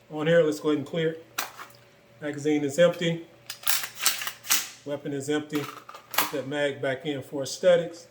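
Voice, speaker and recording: Upbeat man showing off gear, echoey. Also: on the high side. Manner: relaxed, filler-heavy, enthusiastic about gear. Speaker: gun build reviewer. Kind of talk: casual show-and-tell walkthrough.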